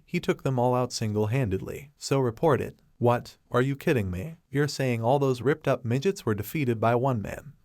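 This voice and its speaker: Male narrator for a comic recap: flat, even read, no room sound. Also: medium pitch, no echo, clean studio sound. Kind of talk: scripted narration voicing every character.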